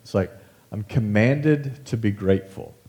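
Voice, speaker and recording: A middle-aged man gives a relaxed, chatty sermon, poking fun at himself as he tells stories. His voice sits low with a dark, mellow tone, and he talks like he is among friends. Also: a little slow. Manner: conversational, self-deprecating, animated storytelling. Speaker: pastor. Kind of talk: casual sermon.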